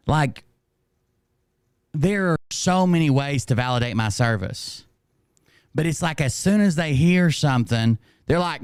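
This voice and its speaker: Guy rambling on his stream, laughs at himself a lot, smooth voice, dry sound. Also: medium pitch, lively intonation, normal speed, no echo. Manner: rambling, self-mocking, laughs often. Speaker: streamer host. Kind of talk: casual livestream chat.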